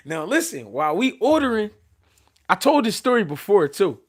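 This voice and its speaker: A high-voiced man at a moderate pace tells easygoing stories. He hosts a show, hails from Philadelphia, and comes across animated and slangy, dropping profanity and often starting his sentences over.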